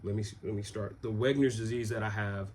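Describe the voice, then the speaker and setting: A young man telling a personal story in a loose, conversational way, with many pauses and restarts. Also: lowish voice, fairly even intonation, a little mellow, a little hiss or hum. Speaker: vlogger.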